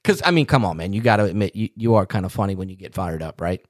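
A man's voice: low voice, animated, quick pace, no room sound, studio quality. A man hosting a casual podcast chat, teasing his co-host in an easygoing way and laughing along.

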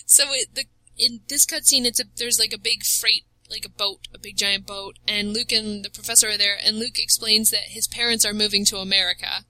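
A woman's voice: mid-range voice, low-quality recording. A woman in casual chat, animatedly retelling a story with frequent laughs and lots of "like". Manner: animated storyteller, laughs often, says "like" a lot. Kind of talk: casual chat recapping a video game story.

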